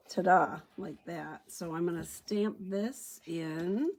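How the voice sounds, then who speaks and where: A woman's voice: lowish voice, slow pace, few pauses, a little mellow. A woman giving a chatty card-stamping tutorial, thinking aloud as she works. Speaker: stamping demonstrator. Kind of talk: craft tutorial demo.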